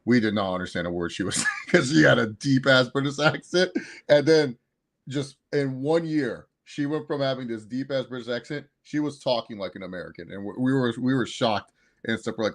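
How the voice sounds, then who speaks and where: A man's voice: medium pitch, a little fast. A man co-hosting a casual wrestling review, rambling and laughing as he acts out quotes. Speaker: co-host.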